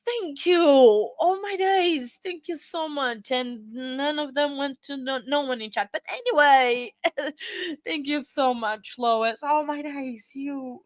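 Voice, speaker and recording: A chatty woman hosts a live stream, speaking in a fairly high voice. She rambles, restarts her sentences and gushes thanks to her viewers. The sound is close and dry, with no room around it. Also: fairly bright tone, no room sound. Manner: effusive, thanks viewers often. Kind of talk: casual live-stream chat.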